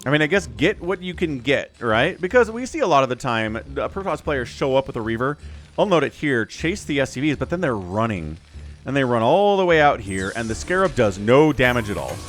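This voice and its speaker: A man giving casual esports commentary as caster, chatty and rambling, getting excitable at the action. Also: medium pitch, brisk, soft background music. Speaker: game caster.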